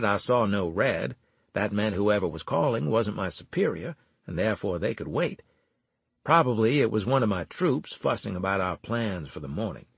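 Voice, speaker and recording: A man reads a first-person audiobook with a husky, slightly breathy voice that swings widely in pitch. His delivery is wry and animated, leaning into the story's humor. The sound is dry and close, with no room around it. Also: no echo. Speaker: audiobook narrator.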